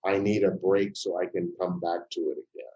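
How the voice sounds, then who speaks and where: An older man giving an interview answer in a measured, emphatic way, telling anecdotes. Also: low-pitched, little pitch movement, dark tone, highs cut off. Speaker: interview guest, filmmaker.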